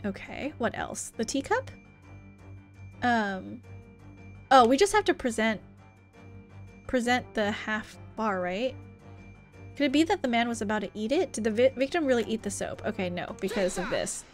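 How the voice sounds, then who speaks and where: A young woman VTuber streams a game, chatting casually and reading its dialogue aloud in a giggly way. Her voice is on the high side and animated, at a moderate pace with frequent pauses, and soft music plays in the background.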